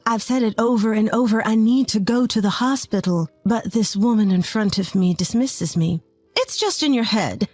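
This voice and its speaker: A woman's voice: medium pitch, fairly even intonation, normal speed, hardly any pauses, darkish tone, no room sound, faint music behind. A woman in her twenties from rural Texas, telling a first-person story in an earnest, plain way. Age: 20s. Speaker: narrator.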